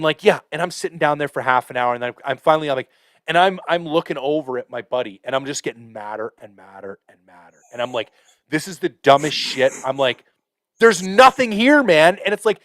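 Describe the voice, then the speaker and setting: A man hosting a podcast, telling a hunting story in a casual, profane, animated way with lots of fillers. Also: mid-range voice, dry recording. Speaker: podcast host.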